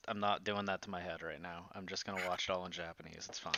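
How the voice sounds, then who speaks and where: Man, very deep yet bright voice, dull lo-fi mic, animated, acts out reactions. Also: quick pace, a little hiss or hum. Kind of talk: casual podcast chat.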